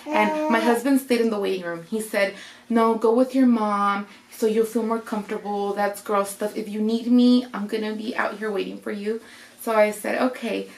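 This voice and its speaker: A woman's voice: medium pitch, fairly even intonation, moderate pace, creaky, a little hiss or hum. A young woman casually telling a personal story, acting out what people said along the way. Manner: chatty, retelling with quoted voices. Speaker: vlogger. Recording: roomy echo.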